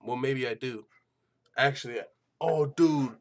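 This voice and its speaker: A man's voice: medium pitch, a little slow. A man hosting an MMA news channel in casual chat, swearing freely and laughing often. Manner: loose and profane, laughs a lot, lots of fillers.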